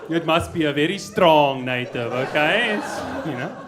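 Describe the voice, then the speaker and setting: A man's voice: fairly high pitch, lively intonation, moderate pace, over music, a crowd in the background. A man from South Africa with a South African accent performing a laid-back stand-up set at a comedy club, tagging lines with "you know" and "eh". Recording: echoey club with audience noise.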